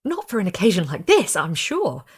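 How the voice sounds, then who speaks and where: A woman's voice: fairly low pitch, wildly swooping pitch, moderate pace, slightly rough, exaggerated voice. A woman voicing an anxious young woman who is searching for her missing groom, talking in a pleading, breathless and politely desperate way.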